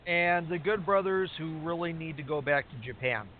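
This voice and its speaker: Guy rambling thru a match recap, kinda high voice, lots of um and uh, phone line sound. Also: normal speed. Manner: rambling, many restarts and fillers. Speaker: podcast co-host recapping wrestling. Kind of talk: casual chat. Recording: tinny phone line with faint hiss.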